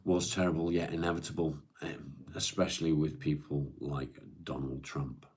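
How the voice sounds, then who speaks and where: A middle-aged man hosting a live stream, chatting in a weary, halting way with many restarts. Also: a bass voice, steady tone, a little mellow, husky. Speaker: live-stream host reading viewer comments. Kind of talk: casual chat.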